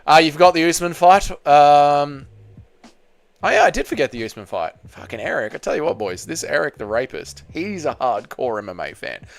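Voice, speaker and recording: A man's voice: a little high, animated, moderate pace, gravelly. An Australian man hosting a live stream, reading viewer chat aloud and answering in crude, joking banter. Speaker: channel host.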